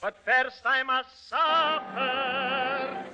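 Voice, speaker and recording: A man's voice: sits high, big pitch swings, slow pace, low-quality recording. A man hosting a 1940s radio comedy, playing a pompous actor with a mock Russian accent in a theatrical manner. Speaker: comedian host. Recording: old radio recording with music.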